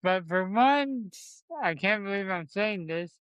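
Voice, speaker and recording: A man's voice: sits high, lively intonation, slow, a bit bright, clear, resonant tone, no echo, lo-fi sound. A man co-hosting a casual podcast, chatty and joking while he runs the segment. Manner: chatty, jokey, runs the show. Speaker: podcast co-host. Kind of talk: casual chat about wrestling predictions.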